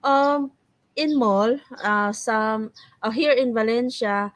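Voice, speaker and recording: A woman's voice: on the high side, slow, low-quality recording. A woman with a Filipino accent co-hosting a casual live podcast, speaking hesitantly with many fillers and giggles. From Philippines. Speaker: podcast co-host. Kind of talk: casual live-stream chat.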